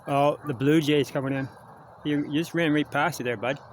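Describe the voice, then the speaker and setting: A man's voice: fairly high pitch, steady tone, normal speed. A man rambling and joking as he vlogs in the woods, coaxing animals toward him, filmed on a camera held at arm's length. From Canada. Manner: chatty, jokey, coaxing animals. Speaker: vlogger. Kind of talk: rambling outdoor vlog. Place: woods outdoors. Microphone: handheld camera at arm's length. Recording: outdoor noise, wildlife around. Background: outdoor ambience, animals.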